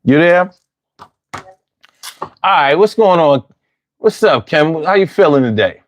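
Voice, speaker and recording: A man's voice: fairly high pitch, lively intonation, slow, no echo. A man hosting a call-in talk show, talking with lots of repetition and street slang. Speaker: host.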